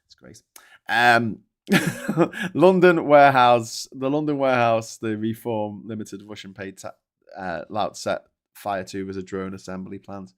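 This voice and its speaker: A man's voice: lowish voice, moderate pace. Sweary ranting man hosting news chat. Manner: sweary, ranting, enthusiastic digressions. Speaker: host. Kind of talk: live news commentary reading viewer chat.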